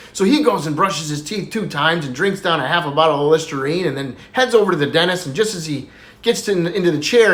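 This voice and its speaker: A man's voice: on the high side, fairly bright tone. A man telling crude jokes in a casual way, bouncing into character voices and laughing at his own punchlines. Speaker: joke teller.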